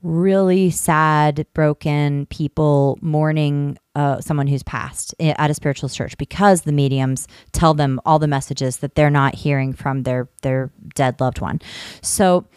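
A woman casually telling a long personal story on a podcast, rambling and animated, swearing freely. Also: low-pitched, unhurried, clear, resonant tone, dry recording, clean studio sound.

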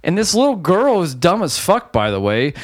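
Host: man, high and very lively voice, profane, ranting movie review chat. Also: normal speed, a crowd in the background. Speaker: podcast host.

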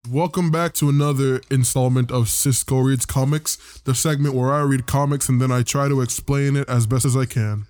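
A man's voice: medium pitch, fairly even intonation, darkish tone, dry recording. Rambling, profane male podcast host. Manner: rambling, profane, acts out characters in quick voices. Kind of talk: casual comic recap.

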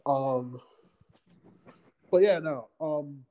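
A man's voice: on the high side, drawn-out words, dull audio. A man co-hosting a podcast in casual chat, rambling with many fillers and restarts. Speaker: podcast co-host.

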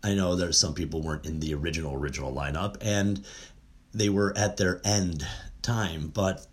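A man's voice: low-pitched, moderate pace. A middle-aged man talking casually and at length, rambling with frequent "uh" fillers and restarts. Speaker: music fan reminiscing. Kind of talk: casual monologue.

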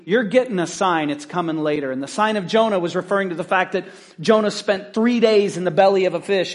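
A man pastor preaching a conversational sermon, telling the story in an animated, casual way. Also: high-pitched.

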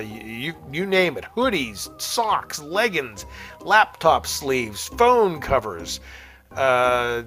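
A man's voice: mid-range voice, bright, forceful tone. A man hosting a casual call-in radio show, chatty and rambling, laughing often as he talks.

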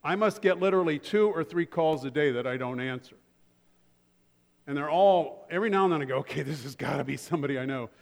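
A man's voice: a little high, fast talker, creaky, long reverb tail. A male pastor preaching a sermon in a conversational way, mixing humorous everyday stories into his points.

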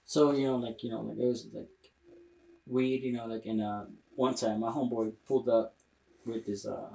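A man's voice: medium pitch, steady tone, normal speed, creaky, warm tone, distant mic. A young adult man in a casual podcast chat, rambling with many fillers and slang. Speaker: podcast co-host. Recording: roomy, from the mic.

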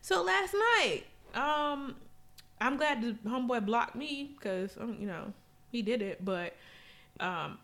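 A woman co-hosting a casual chat, telling stories in a frank, profane, animated way. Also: a little high, slow pace. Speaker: podcast co-host.

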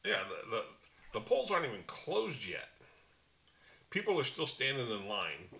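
Casual male co-host, bright and animated, laughs easily. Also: mid-range voice, normal speed, vocal fry. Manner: animated, laughs often, swears. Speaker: podcast co-host. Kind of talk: casual political chat.

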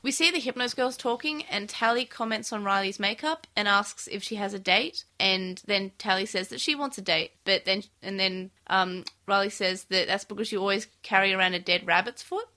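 Bright-voiced woman recapping an episode. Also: medium pitch, moderate pace, hardly any pauses. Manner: easygoing, recaps the plot in a matter-of-fact way. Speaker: podcast co-host. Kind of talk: casual chat recapping an anime episode.

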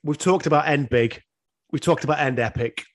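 Man in his 30s, slightly high voice, relaxed chatty co-host who swears and laughs a lot. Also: brisk. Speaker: podcast co-host. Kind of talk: casual chat reviewing an album.

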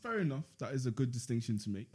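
A man's voice: mid-range voice, sing-song, darkish tone, breathy edge. Laughing man reading aloud. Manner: playful, laughs often, reads in a measured voice. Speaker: podcast host reading from a book. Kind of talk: casual chat and reading aloud.

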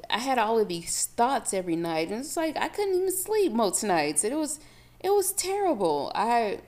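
A woman hosting her own podcast, telling a personal story in a casual, dramatic way and leaning on "you know" a lot. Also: a little high. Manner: animated, dramatic retelling with lots of "you know". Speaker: podcast host.

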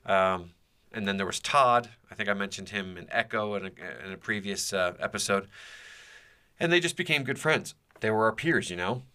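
Rambling man with a bright, low voice. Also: lively intonation, moderate pace, clean tone. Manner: rambling, hesitant, many fillers and restarts. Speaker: podcast host. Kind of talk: casual personal storytelling.

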